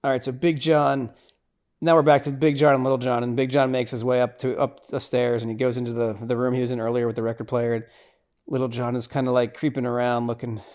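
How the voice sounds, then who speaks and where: A man's voice: medium pitch, fast talker. A man hosting a podcast, casually recapping a horror movie scene by scene, with lots of restarts and repeated words. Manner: grows loud and excited at gory scenes. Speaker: podcast host.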